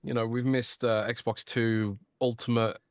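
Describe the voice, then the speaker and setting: A man's voice: mid-range voice, little pitch movement, measured pace, no echo, studio quality. A man co-hosting a gaming podcast, joking and swearing freely while doing a sponsor read in casual chat. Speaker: podcast co-host.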